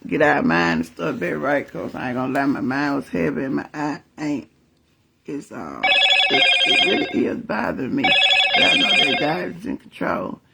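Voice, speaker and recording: A middle-aged man, telling his viewers a family story in a chatty, animated way and calling on the Lord. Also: on the high side, creaky, breathy edge. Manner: animated, chatty, laughs often, calls on the Lord. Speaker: vlogger.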